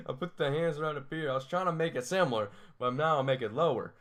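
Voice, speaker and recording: A man's voice: on the high side, fast, fairly bright tone. A young man rambling while he sketches, laughing often and mocking his own drawing. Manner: self-deprecating, laughs often, talks to himself. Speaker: drawing tutorial host.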